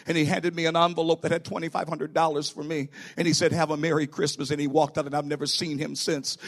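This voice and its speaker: A middle-aged man preaching a sermon in a church as pastor, building to emphatic bursts. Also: a little high.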